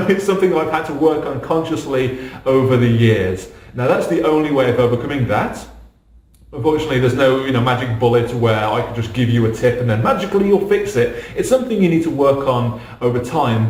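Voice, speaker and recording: A man's voice: mid-range voice, darkish tone, slight background noise. A man from England answering viewer questions in a casual, reassuring to-camera advice video, with light self-deprecating humor. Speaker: online business coach. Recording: roomy echo.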